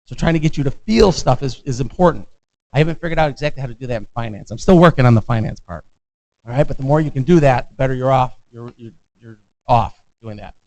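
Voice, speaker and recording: A man's voice: medium pitch, fast talker, a little mellow, low-quality recording. A middle-aged American man giving a lecture as a visiting professor, in a conversational way that keeps checking in with the class. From United States.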